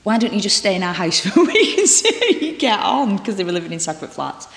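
A woman actor talking candidly as an interview guest, chatty and halting, with lots of restarts and acted-out dialogue. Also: mid-range voice, very animated, gravelly. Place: library reading room. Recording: roomy echo with long reverb.

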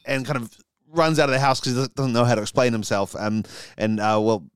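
A man's voice: medium pitch, brisk, smooth, dry recording, clean studio sound. A man co-hosting a comedy podcast, improvising a silly story with many ums and laughing at his own jokes.

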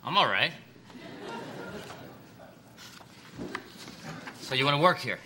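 A man acting out a blunt, scatterbrained boss who rambles and badgers in a plain mid-pitched voice. His words drag when he lectures, and a steady hiss of noise sits under the recording. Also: rapid-fire. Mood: badgering. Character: rude scatterbrained middle-aged male boss. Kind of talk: comedy sketch acting.

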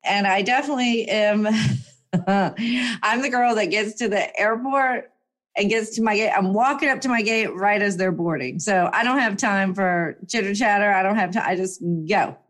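A young woman telling a personal story in a casual, animated way, full of fillers and acted-out quotes. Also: medium pitch, normal speed. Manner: animated, chatty, lots of fillers and voiced quotes.

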